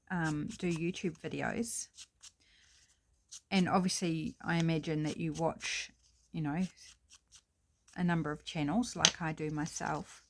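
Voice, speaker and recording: A woman's voice: on the low side, slight background noise. A middle-aged woman with a New Zealand accent, chatting casually and thinking aloud as she works on a craft project at home. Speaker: crafting vlogger.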